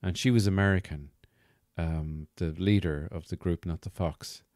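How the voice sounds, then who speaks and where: A man with a fairly low voice hosts a podcast. He tells a comic story in a wry, rambling, self-mocking way. The recording is dry and close. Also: fairly even intonation, normal speed, darkish tone, no room sound. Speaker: podcast host. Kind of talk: comic monologue.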